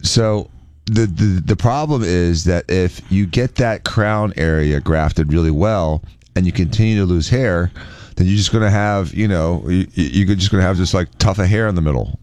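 Blunt low-voiced man, dry sound. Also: moderate pace, darkish tone, dry recording. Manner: blunt, matter-of-fact, teasing. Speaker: hair transplant doctor. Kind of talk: casual chat.

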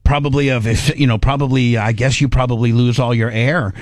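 A man's voice: medium pitch, fairly even intonation, brisk, dry recording. Middle-aged man, radio host, rambling and self-mocking, dry close sound. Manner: rambling, self-mocking, acts out his own panic. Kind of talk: casual on-air storytelling.

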